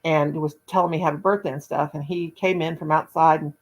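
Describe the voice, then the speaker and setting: A woman's voice: low voice, steady tone, a little fast, poor audio. A woman hosting her own channel, telling a long personal story in a rambling, folksy, casual way. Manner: rambling, folksy, talks in long run-on anecdotes. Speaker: crochet channel host.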